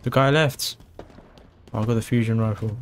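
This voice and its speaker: A young man, excitedly commentating his own gameplay and trash-talking opponents. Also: medium pitch, normal speed, a little hiss or hum. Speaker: gamer. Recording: game music in background.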